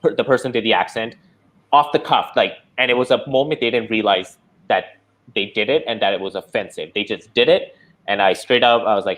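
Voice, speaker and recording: A man with a somewhat low voice tells stories as a guest in a casual discussion. He is expressive and acts out what other people said. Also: fast talker. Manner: storytelling, expressive, acts out quotes.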